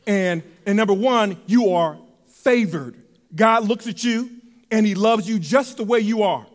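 A male preacher with a high, ringing voice delivers a sermon. He talks animatedly, swinging between loud bursts and soft, intimate passages. His voice carries through a church hall with long reverb. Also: measured pace, long pauses.

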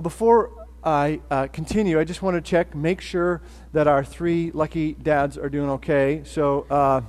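A man preaching a sermon as pastor, in a casual, joking way with fillers and restarts. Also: high voice. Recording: long hall reverb.

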